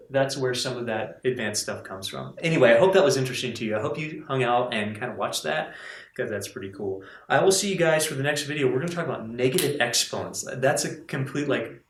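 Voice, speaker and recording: A man teaching a math lecture to students, enthusiastic and animated as he walks through examples. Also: mid-range voice, brisk, reverberant, far from the mic, low-quality recording.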